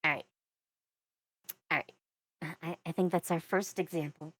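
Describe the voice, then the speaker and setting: A woman speaks in a lowish voice, taking her time as she gives casual reaction commentary on music. She muses out loud in an unhurried way, and the recording sounds dry and close. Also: steady tone, no echo. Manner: thinking aloud, musing and unhurried.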